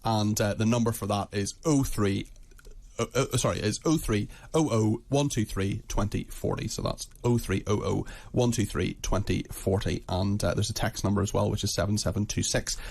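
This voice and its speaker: A man hosting a live radio show, brisk and jokey, with lots of quick agreement while others speak. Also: lowish voice, creaky, darkish tone. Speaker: radio host.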